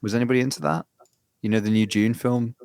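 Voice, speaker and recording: A male podcast co-host rambles and swears freely in casual chat, speaking quickly in a medium-pitched, slightly mellow voice with little pitch movement. The sound is clean studio audio with no room sound.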